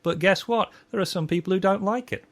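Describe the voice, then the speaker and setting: A man's voice: high voice, fairly quick, a bit bright. A man, a trainer and guest expert, explaining sales techniques in conversation and acting out examples with shifting tone and pace. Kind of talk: conversational teaching.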